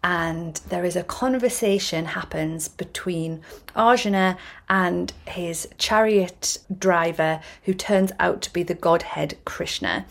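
A woman hosting a yoga podcast, explaining ideas in a chatty, self-correcting way with frequent restarts. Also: fairly low pitch. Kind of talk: casual explanatory talk.

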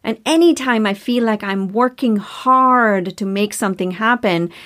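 Woman doing a spiritual self-help podcast, earnest, asks lots of questions, mid-pitch voice. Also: a little slow, a bit bright. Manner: earnest, repetitive, rhetorical questions. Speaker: podcast host.

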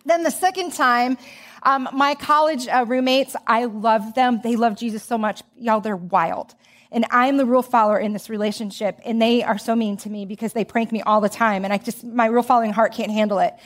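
A middle-aged woman preaching a sermon in a casual, storytelling manner, leaning on fillers and asides. Her voice sits a little high for a woman. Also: steady tone, brisk. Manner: chatty, storytelling, lots of "like". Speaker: speaker.

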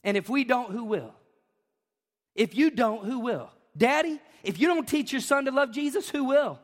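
Fired-up high-voiced preacher man. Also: animated, moderate pace, long reverb tail. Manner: fervent, shouting at peaks, conversational asides. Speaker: pastor. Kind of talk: sermon. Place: church sanctuary.

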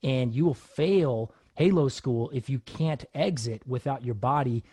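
A man's voice: mid-range voice, a little slow, husky. A man who hosts a casual chat and tells military training stories with laughs and acted-out quotes. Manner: animated, laughs often, acts out quotes. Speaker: podcast host, former Navy special operator.

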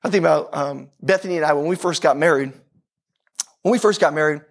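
A pastor in middle age delivers a sermon in a high-set voice, brisk and touched with vocal fry. He speaks intensely and with emphasis, stacking rhetorical questions and repeating points to drive them home.

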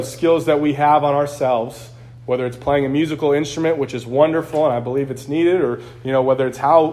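A man's voice: medium pitch, darkish tone. A man preaching a sermon as pastor, earnest and conversational, acting out quotes along the way.

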